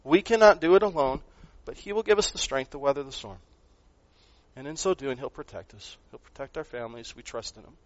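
A man preaching a sermon, earnest, rising to loud emphasis and dropping to quiet asides, often repeating words as he goes. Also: mid-range voice, a little fast, dull audio. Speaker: pastor.

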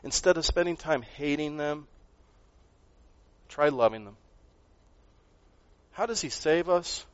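A man delivers a sermon in an earnest voice pitched a bit high, pushing hard on key lines and then falling to near-quiet asides. He stumbles over and repeats words now and then. The recording is dry and slightly dull. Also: animated, slow, long pauses, no room sound. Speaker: pastor.

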